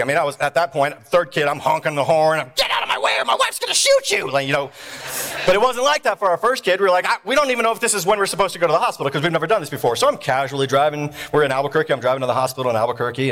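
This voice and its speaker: A man in his thirties, preaching through a comic story from his life. His voice sits a little high and swings widely as he acts out each person, breaking into shouts and chuckles. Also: big-room sound. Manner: animated storyteller acting out voices, with shouts and laughs. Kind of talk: humorous sermon storytelling.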